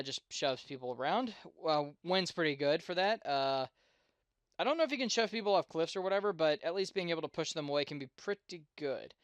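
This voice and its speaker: A man hosting a gameplay video, talking casually and rambling as he plays, with many fillers and restarts. His voice is smooth and clear and sits somewhat high for a man. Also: a bit bright, no room sound. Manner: rambling, full of fillers and self-corrections. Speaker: let's play host.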